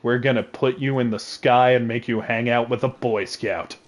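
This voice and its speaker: A man chatting casually on a livestream, excitable and joking, rambling from thought to thought at a desk mic. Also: medium pitch, moderate pace, faint music behind. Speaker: streamer.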